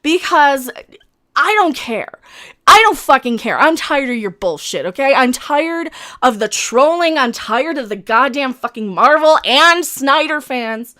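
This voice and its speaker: A woman's voice: sits high, lively intonation, unhurried, bright, forceful tone. A woman hosting a live stream, grieving and agitated, ranting furiously and profanely at trolls in her chat. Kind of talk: angry live-stream rant.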